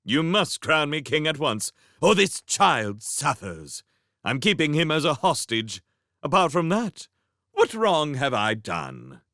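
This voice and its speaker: A scheming young prince, a storybook villain who plays every threat for drama, as a man reads him. His voice is pitched up and drawn out slowly on the menacing words, with a bright, forceful edge. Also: huge pitch swings, no echo, clean studio sound, full character voice. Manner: theatrical and menacing.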